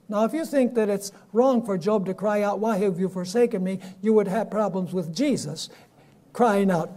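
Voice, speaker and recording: A man preaching a sermon and reading scripture aloud, with dramatic swings between loud and soft. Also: high voice.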